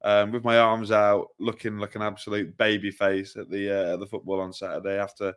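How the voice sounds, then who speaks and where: A man's voice: on the low side, little pitch movement, brisk, clear, resonant tone. A young man with a self-mocking way of telling stories, co-hosting a casual football podcast chat. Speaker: podcast co-host.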